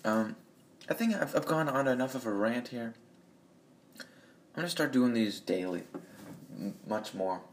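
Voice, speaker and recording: A man's voice: mid-range voice, expressive, unhurried, pauses often. A man ranting bluntly and profanely in a rambling monologue, recorded on a phone in an echoey room. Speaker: vlogger.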